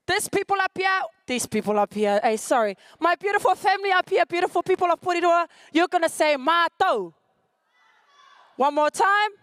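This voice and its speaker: A woman's voice: extremely high pitch, fairly quick, hardly any pauses, no room sound. A woman from the Cook Islands, hosting a school festival stage and leading the crowd in playful call-and-response chants. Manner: lively, playful, commanding a crowd.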